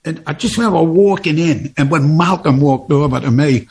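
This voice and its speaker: A man's voice: fairly high pitch, normal speed, a little mellow, husky. A man in his seventies with a Geordie accent, telling stories in a chatty, rambling way and laughing often during an interview. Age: 70s. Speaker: interview guest, singer. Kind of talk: casual interview storytelling.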